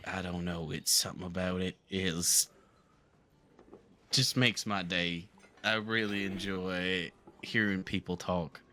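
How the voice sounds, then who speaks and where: During a live game roleplay, a man plays a talkative southern gentleman from the bayou, speaking in a low, heavily acted voice with a Southern twang. He rambles on earnestly.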